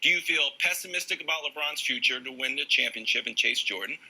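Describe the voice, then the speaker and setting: A male sports talk show host leading a lively debate, playful and teasing with his co-hosts. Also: mid-range voice, fast talker, gravelly, breathy edge, rough recording. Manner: playful, laughs and teases co-hosts.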